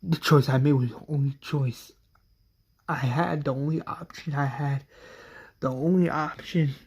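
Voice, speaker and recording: A man voicing a shaken group leader, halting and repeating himself in distress. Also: fairly high pitch, steady tone, husky. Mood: distraught.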